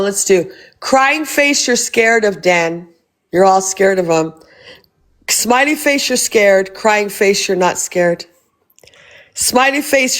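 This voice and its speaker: A woman hosting a casual livestream, blunt and swearing freely as she asks rhetorical questions. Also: mid-range voice. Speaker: livestream host.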